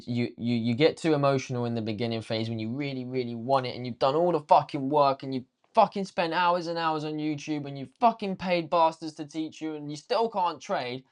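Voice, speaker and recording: A young man teaching a casual trading lesson, slangy and swearing freely, talking straight to viewers. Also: mid-range voice. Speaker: trading coach.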